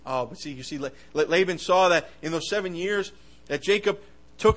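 A man delivers a fervent sermon in a slightly high voice. He swings between loud, emphatic bursts and hushed asides. He often stumbles and restarts his words as he goes. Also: moderate pace, low-quality recording. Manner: impassioned, swings loud and soft, stammering restarts. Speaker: preacher.

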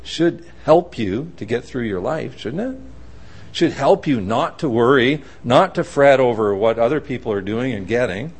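A man's voice: mid-range voice, moderate pace, breathy edge. A man preaching a sermon, telling stories and acting out the voices of the people in them. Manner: animated storytelling, acting out voices.

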